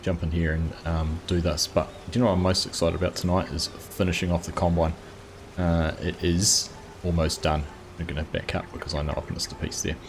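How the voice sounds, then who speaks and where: Brief: New male streamer, deep voice, easygoing live commentary, faint hiss underneath. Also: fairly quick, creaky. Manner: chatty, greets viewers by name, relaxed. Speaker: streamer, host of a live farming game stream. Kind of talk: casual live-stream commentary while playing.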